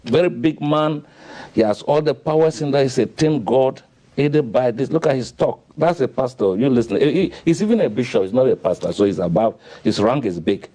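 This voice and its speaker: A man's voice: mid-range voice, lively intonation, fairly quick, dark tone. A man with a Ghanaian English accent, giving indignant, impassioned commentary as a radio panelist and firing off rhetorical questions in a studio. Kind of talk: heated radio talk-show commentary.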